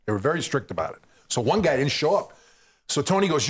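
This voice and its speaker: Lively, animated middle-aged male comic. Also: a little high, quick pace, breathy edge. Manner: animated anecdotes, acting out voices, laughing. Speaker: guest comedian. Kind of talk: storytelling in an interview.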